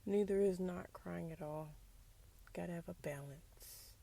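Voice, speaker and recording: Candid woman with a gravelly mellow voice. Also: on the low side, unhurried. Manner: candid, sassy, drops into whispers for asides. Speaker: podcast host. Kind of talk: casual personal monologue.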